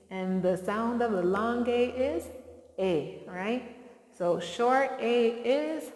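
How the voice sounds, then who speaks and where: A woman's voice: on the high side, slow pace. A woman teacher leads young children through a phonics lesson, prompting them to answer and praising them often. Her voice carries a roomy sound with a long, lingering reverb. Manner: encouraging, call-and-response prompts.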